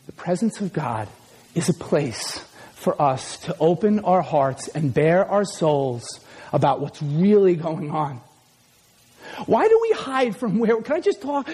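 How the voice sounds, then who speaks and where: A man preaching a sermon with passion, often shouting and asking his congregation questions. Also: very high voice. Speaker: pastor.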